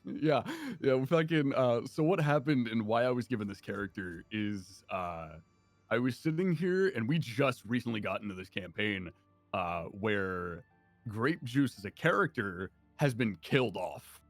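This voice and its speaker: A man's voice: mid-range voice, expressive, measured pace, no echo, soft background music. A young man on a stream, chatting with friends about their tabletop game and telling a story with lots of laughs and swearing. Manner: laughs often, swears casually, tells anecdotes. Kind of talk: casual group chat.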